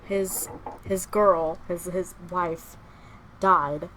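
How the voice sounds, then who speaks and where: A woman's voice: lowish voice, fairly even intonation, drawn-out words, a bit bright, slight background noise, rough recording. A woman playing a story game and commenting casually, emotional and exclamatory, often breaking into yelps. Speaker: gaming content creator. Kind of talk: casual let's-play commentary.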